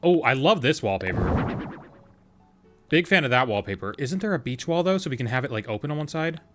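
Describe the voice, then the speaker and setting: A man streaming a game, talking through each step in a loose, playful way as he decides what to do next. His voice sits at an ordinary middle pitch, with faint game music behind him. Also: expressive, fairly quick, fairly bright tone. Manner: thinking aloud, chatty and playful, answering chat. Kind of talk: casual gameplay commentary.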